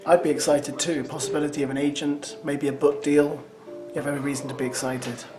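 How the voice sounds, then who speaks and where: A man's voice: fairly high pitch, little pitch movement, quick pace. Sarcastic man reacting over music. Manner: sarcastic, teasing running commentary. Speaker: reaction commentator. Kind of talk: reaction commentary. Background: show soundtrack music.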